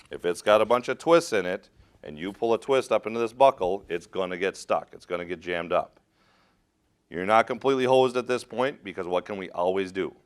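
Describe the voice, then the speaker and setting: Teaching rope rescue hands-on, a middle-aged man speaks in a low, clear, resonant tone. He keeps things practical and straightforward, testing his students with questions as he shows them what to do.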